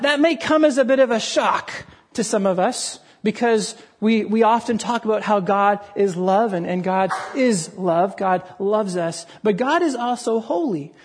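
A man's voice: high voice, husky. A man preaching a sermon in an earnest way, often repeating words for emphasis. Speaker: pastor.

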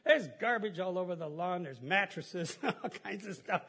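A middle-aged pastor preaches in a relaxed, folksy way, chuckling as he goes. His voice sits high and has a husky edge. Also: measured pace. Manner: chatty, folksy, laughs at own stories, many restarts. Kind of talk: casual conversational sermon.

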